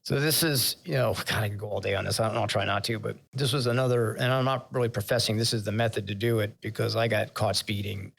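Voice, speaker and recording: A man's voice: lowish voice, fairly even intonation, quick pace, creaky, few pauses, a bit bright. An older man, a retired admiral, telling candid stories in an interview and growing emotional as he recalls his sailors. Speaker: retired vice admiral, podcast guest. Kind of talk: conversational interview storytelling.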